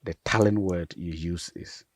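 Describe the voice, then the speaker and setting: A man, a pastor, patiently explaining vowel sounds and repeating each example word slowly. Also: deep voice, fairly even intonation, no room sound. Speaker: pastor and language teacher.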